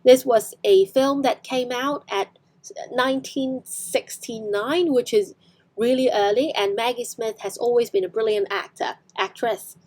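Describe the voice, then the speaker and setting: A woman's voice: a little high, unhurried, darkish tone. A woman with a Hong Kong accent teaching English online, explaining film scenes with frequent fillers and self-corrections.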